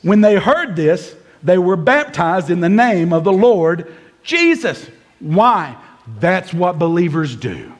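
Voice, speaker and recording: A man preaching a sermon to a congregation, telling the story with animated delivery and acting out the characters. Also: sits high, takes it slowly. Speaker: pastor. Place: church service before a congregation.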